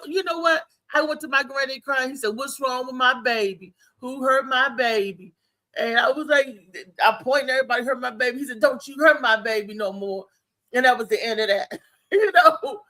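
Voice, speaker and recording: A woman hosting a casual talk show, telling animated family stories with frequent laughter. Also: high voice. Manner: animated storytelling, laughs often. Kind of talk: casual chat.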